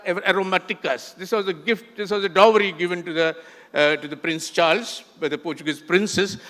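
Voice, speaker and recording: An older man with an Indian English accent and a high, somewhat bright voice gives a conversational illustrated talk with slides at a festival. He uses frequent fillers and restarts, and the large lecture hall adds long, echoing reverb.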